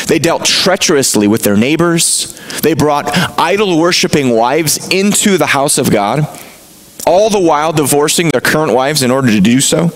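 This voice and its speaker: A man's voice: on the high side, poor audio. A male pastor preaching a sermon from the pulpit in an emphatic, rising and falling delivery. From United States.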